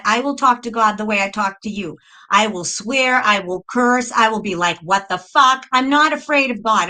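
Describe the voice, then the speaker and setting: A woman's voice: a little high, sharp tone, low-quality recording. A middle-aged woman tells a personal story in a casual, blunt monologue, swearing often and restarting her sentences. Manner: blunt, profane, repeats and restarts. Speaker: spiritual video host.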